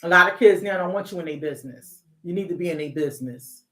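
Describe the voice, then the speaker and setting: A woman's voice: lowish voice, fast, a bit bright, a little hiss or hum. Middle-aged woman host, therapist, AAVE speech, conversational, restarts and rhetorical questions, roomy echoing sound. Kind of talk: casual talk on parenting and emotions. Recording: echoey room.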